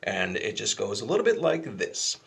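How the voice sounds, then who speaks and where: Male video flute teacher, casual and easygoing, low voice with a bright edge. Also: normal speed, vocal fry. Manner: relaxed, chatty, self-deprecating.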